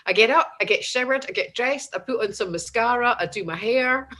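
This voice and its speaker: A woman's voice: a little high, fairly quick, sharp tone. A Scottish woman in her forties, a guest chatting casually over a remote call and laughing often as she tells stories. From Scotland. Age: 40s. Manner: chatty, laughs often, acts out voices in anecdotes. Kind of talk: casual chat.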